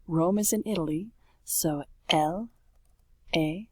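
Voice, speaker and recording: A woman's voice: lowish voice, lively intonation, measured pace, long pauses, warm tone, dry recording, clean studio sound. A woman French teacher talking casually through a worksheet, correcting herself and saying oops as she goes. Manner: chatty, self-correcting, says oops often.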